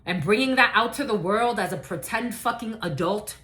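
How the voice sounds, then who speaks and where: A woman's voice: mid-range voice, moderate pace, fairly bright tone. A woman who swears freely and rambles, giving a casual psychic reading as a channeler. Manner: profane, rambling, confiding.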